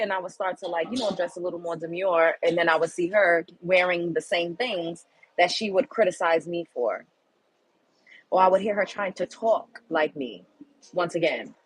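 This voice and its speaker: A woman's voice: on the low side, husky, rough recording. A woman hosting her own show, telling a personal story in a candid, emphatic and blunt way. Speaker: show host. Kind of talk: casual storytelling monologue.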